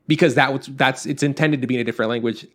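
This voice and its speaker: A man's voice: mid-range voice, rapid-fire. Chatty rambling man co-hosting a podcast. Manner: rambling, animated, swears and acts out quotes. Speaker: podcast co-host. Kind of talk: casual chat.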